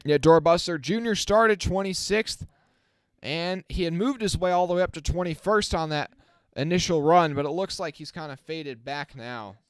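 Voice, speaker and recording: A man giving casual live-stream race commentary as the channel host, chatting with his viewers and getting excited on the restarts. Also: on the high side, moderate pace, clear, resonant tone, no echo, clean studio sound. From not from the South. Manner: self-correcting, talks to the chat.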